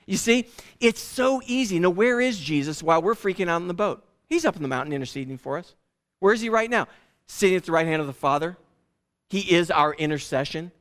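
A man preaching a sermon as pastor, in an animated, conversational way with frequent restarts. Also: high voice, a little fast.

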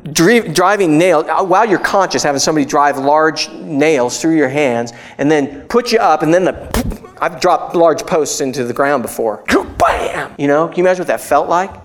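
A middle-aged man preaching a casual, conversational sermon as a pastor, animated and jumping into excited voices when he quotes people. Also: fairly high pitch, normal speed.

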